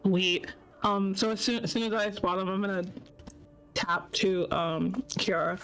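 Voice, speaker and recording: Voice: medium pitch, fairly even intonation, measured pace, a bit bright, soft background music. Chatty tabletop player, rambling and laughing. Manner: rambling, laughing, with many fillers. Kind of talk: casual tabletop play.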